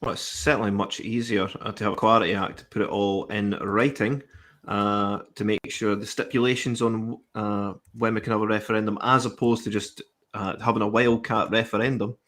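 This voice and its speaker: A man's voice: lowish voice, steady tone, brisk, fairly bright tone. A man giving blunt political commentary on a livestream, speaking straight to the viewers. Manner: blunt, addresses listeners as guys. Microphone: livestream video call.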